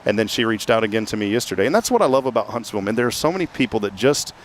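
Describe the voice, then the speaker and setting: A man's voice: lowish voice, animated, rapid-fire, slight background noise. Joking man hosting outdoors. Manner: joking, chatty, self-mocking. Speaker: host of a local fundraiser show. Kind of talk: casual live chat. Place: outdoor parking lot event.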